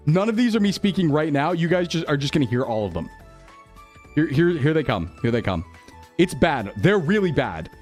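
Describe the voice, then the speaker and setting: A man's voice: a little high, very animated, moderate pace, a little mellow, faint music behind. A man streaming live, chatting casually and laughing as he defends himself in a flustered way. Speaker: VTuber streamer. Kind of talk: casual livestream chat. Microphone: desktop streaming mic.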